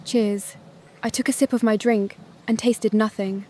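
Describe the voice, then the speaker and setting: A woman narrating a first-person family drama story in a calm, measured voice. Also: a little high.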